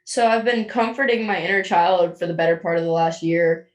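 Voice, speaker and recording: A woman's voice: fairly low pitch, brisk. Giggly young woman co-hosting in an echoey room. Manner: giggly, rambling, laughs often. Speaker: podcast co-host. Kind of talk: casual chat.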